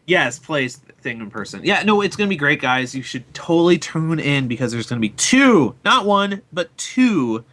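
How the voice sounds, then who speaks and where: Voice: mid-range voice, big pitch swings, normal speed, hardly any pauses, fairly bright tone. A person joking and giggling through a casual internet radio chat.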